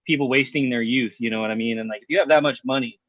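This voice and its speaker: A man's voice: medium pitch, fast talker, a bit bright, dry recording. A man co-hosting a podcast, chatting casually with friends, laughing often and swearing freely in jokey banter. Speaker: podcast co-host. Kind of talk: casual chat.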